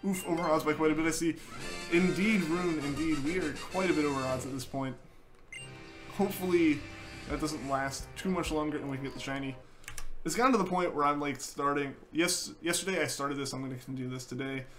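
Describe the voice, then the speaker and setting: A young man with a fairly high voice streams a game live, talking fairly quickly in an easygoing way with lots of fillers. He chats casually and reads out viewer messages while game music plays in the background.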